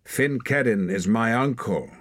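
A haughty young hunter barking orders, as a male narrator plays him, slow and deliberate, with a husky edge. Each word lands scornful and sure, close and dry on the mic. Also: medium pitch, animated, a bit bright, no room sound, voice pushed up. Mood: haughty commanding. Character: arrogant young male clan hunter, nineteen. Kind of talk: audiobook character voice.

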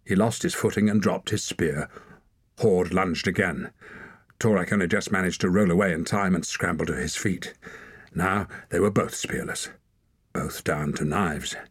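A man narrating an adventure story in a steady, measured audiobook reading. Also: low-pitched, slightly rough, no room sound, studio quality.

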